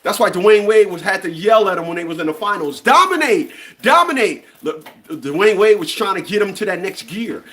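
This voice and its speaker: A man's voice: high-pitched, brisk, few pauses. A man in his fifties delivering a blunt, profane opinion rant, often stumbling and repeating words as he restarts. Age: 50s. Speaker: commentary channel host.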